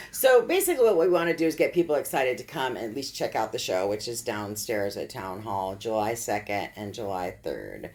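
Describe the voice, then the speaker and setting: A woman hosting a relaxed community chat, her voice sitting very low. She talks in an upbeat, chatty way and laughs easily. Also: moderate pace, few pauses. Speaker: host. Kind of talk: casual radio chat.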